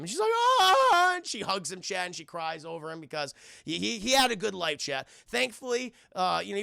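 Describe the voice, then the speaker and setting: A young man recapping a film for his live chat, profane and excitable, constantly addressing the chat. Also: sits high, gravelly, no echo, clean studio sound. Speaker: streamer reviewing a film. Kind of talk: casual livestream commentary.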